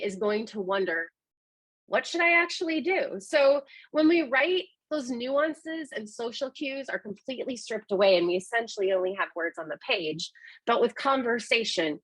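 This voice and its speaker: Woman, webinar presenter, husky voice, dry close mic, emphatic explainer. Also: mid-range voice, a bit bright, no echo, rough recording. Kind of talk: scripted presentation.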